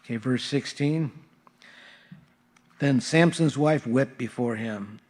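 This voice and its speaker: A man's voice: mid-range voice, slow pace, long pauses, darkish tone. Male pastor, mid-range voice, informal verse-by-verse sermon in a church. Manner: casual, conversational teaching with frequent fillers. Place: church sanctuary.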